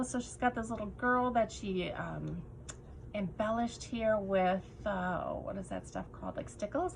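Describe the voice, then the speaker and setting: A woman's voice: medium pitch, creaky, slight background noise, low-quality recording. Gushing woman unboxing craft goodies. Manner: gushing, breathless with delight, drops to soft whispers. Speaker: craft vlogger unboxing a swap. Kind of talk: casual unboxing chat.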